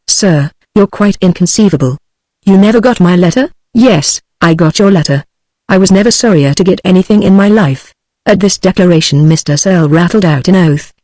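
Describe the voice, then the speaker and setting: A text-to-speech woman's voice with a British English accent, reading a novel aloud at a measured, steady pace. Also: fairly low pitch, no echo. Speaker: audiobook narrator.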